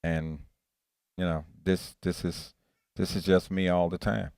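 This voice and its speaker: A man's voice: sits low, level tone, measured pace, gravelly, a little mellow, smooth, no echo, clean studio sound. A male pastor giving an interactive sermon, earnest, often repeating and restarting his phrases. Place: church.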